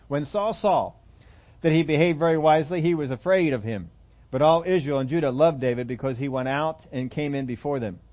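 A man preaching a sermon, telling a scripture story with animated, acted-out voices for its characters. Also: a little high. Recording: muffled lo-fi sermon recording.

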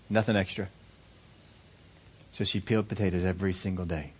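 Man preaching through a story. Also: mid-range voice. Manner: earnest, repetitive, builds up excitement as he tells the story. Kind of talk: sermon storytelling.

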